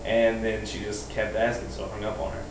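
A man's voice: on the low side, monotone, a little fast. A young man, a comedian guest, telling casual comedic stories in a laid-back, rambling way full of fillers. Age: young adult. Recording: distant roomy mic with faint noise.

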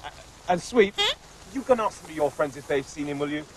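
A man's voice: fairly high pitch, animated, a little fast, heavy background noise. Playful man chatting to puppets. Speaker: puppeteer host. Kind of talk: children's TV puppet comedy.

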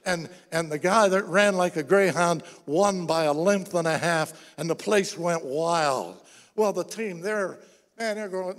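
A man with a high voice preaches in a church, his words ringing with a long reverb through the hall. He tells Bible stories and acts out the speakers' lines. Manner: animated storytelling, acts out quoted voices. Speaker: pastor. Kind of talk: sermon. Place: church sanctuary.

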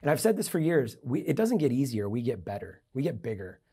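A man's voice: medium pitch, very animated, fairly quick, dark tone, slightly rough. A middle-aged man, a podcast guest, telling a personal business story and acting out the dialogue. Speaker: guest, entrepreneur and investor.

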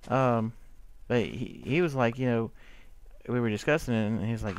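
A man's voice: medium pitch, normal speed, long pauses. Casual male gameplay commentator, chatty, addresses his in-game animals, light hiss behind. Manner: chatty, talks to his in-game sheep and mobs, hums.

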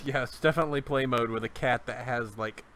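A man's voice: mid-range voice, fairly quick, fairly bright tone. A man co-hosting a casual fan podcast, chatting in an easygoing way. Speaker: podcast co-host. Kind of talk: casual chat.

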